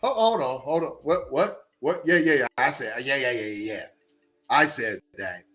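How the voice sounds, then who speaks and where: Animated man hosting a live podcast. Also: moderate pace, soft background music. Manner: animated, repeats words, swings between loud outbursts and low asides. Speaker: podcast host. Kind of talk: live-stream commentary, reading chat.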